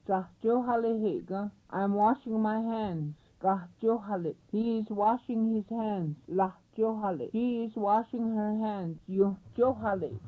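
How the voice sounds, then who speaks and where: A woman teaching a language, saying each word and phrase slowly and repeating it for learners. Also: medium pitch. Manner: slow, careful repetition of words and phrases. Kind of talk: recorded language lesson, word drills. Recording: tinny phone-like recording.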